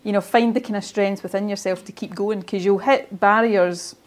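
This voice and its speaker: A woman's voice: medium pitch, fairly even intonation, moderate pace. A Scottish woman in her forties, earnest and encouraging, giving a motivational talk to young players and often restarting phrases. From Ayrshire, Scotland. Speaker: guest speaker.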